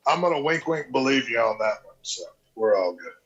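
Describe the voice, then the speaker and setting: A man's voice: medium pitch, lively intonation, brisk, fairly bright tone. A man hosting a casual podcast, teasing his guest with crude jokes and easy banter. The audio is dull and lo-fi, with the top end rolled off. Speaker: podcast host.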